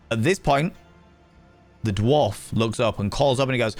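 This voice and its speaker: A man narrating as game master for a streamed tabletop game, unhurried and dotted with fillers. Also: medium pitch, creaky, faint music behind.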